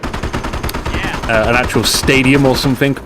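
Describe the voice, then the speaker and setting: A British man casts a strategy game replay from his desk, rambling from one sarcastic quip to the next. His voice sits at an ordinary middle pitch. Battle noise from the game, with gunfire and explosions, plays clearly beneath him. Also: fairly even intonation, slow. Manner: joking, rambling, sarcastic asides. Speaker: game caster. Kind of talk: casual game commentary over a replay.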